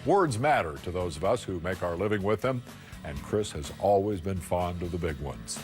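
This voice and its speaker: A male talk show host with a very deep voice leads a studio interview. He asks questions in a measured way, and faint music sits beneath him. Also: lively intonation, a little mellow.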